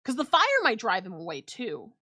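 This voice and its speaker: A woman's voice: mid-range voice, sing-song, normal speed, bright, forceful tone, no room sound. A woman streaming a survival game, talking casually, joking and swearing freely. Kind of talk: casual gameplay commentary.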